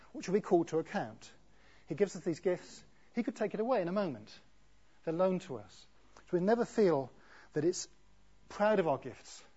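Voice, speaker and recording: A man preaching a sermon in a conversational way, often asking rhetorical tag questions, with a husky voice. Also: sits high, mellow. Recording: dull lo-fi recording.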